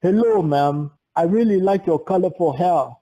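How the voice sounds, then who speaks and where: A pushy stranger cornering someone at a mall, quick to take offense and demanding, as a man puts him on for a story. His voice sits high but sounds mellow and dark. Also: poor audio.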